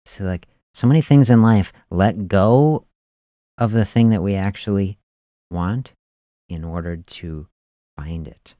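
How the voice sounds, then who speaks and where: Low-voiced guy hosting a podcast, thinking out loud, lots of "you know", "see", dry close sound. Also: dry recording. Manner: musing, unhurried, peppers with "you know" and "see". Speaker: podcast host. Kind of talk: reflective spoken monologue.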